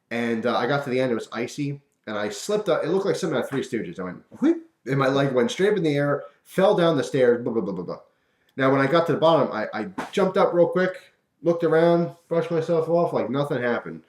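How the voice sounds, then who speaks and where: A man casually telling a personal story to camera, animated and chuckling, acting out the voices of the people in it. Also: mid-range voice. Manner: animated, acts out quoted voices, chuckles often. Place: room at home. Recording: roomy echo.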